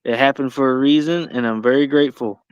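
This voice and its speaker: A man's voice: medium pitch, fairly even intonation, quick pace, clear, resonant tone, no room sound. Man in dry, dull-sounding stream audio. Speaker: co-host. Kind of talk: casual chat on a live stream.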